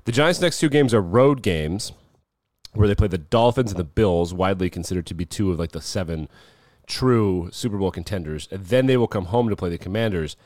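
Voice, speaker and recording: A man's voice: sits low, lively intonation, a little fast, a little mellow, no room sound, clean studio sound. A man hosting a podcast, giving blunt, mocking sports commentary in a casual way. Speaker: podcast host.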